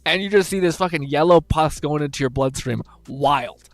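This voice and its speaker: A man's voice: a little high, normal speed, dry recording. A young man streaming, rambling and swearing casually while reading chat, laughing often.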